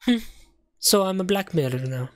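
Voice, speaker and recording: A man voices a cold, scheming female director who serves as a video game villain. He speaks slowly and menacingly in a lowered, expressive voice, captured in a dry recording.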